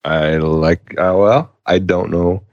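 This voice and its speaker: Man, very low voice, dry quips, dead-dry sound. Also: fairly even intonation, takes it slowly, a little mellow, dry recording, lo-fi sound. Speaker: podcast co-host. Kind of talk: casual chat.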